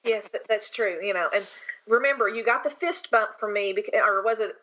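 A woman's voice: medium pitch, fairly quick, a bit bright, muffled recording. A woman chatting on a podcast, teasing and motherly, laughing often. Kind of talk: casual podcast chat.

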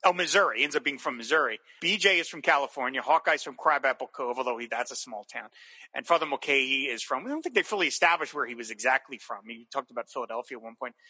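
This podcast co-host recaps a TV episode in an animated, enthusiastic chat, restarting his thoughts as he rambles. His medium-pitched voice is husky with a sharp edge, and he speaks fast. A long reverb tail trails after his words.

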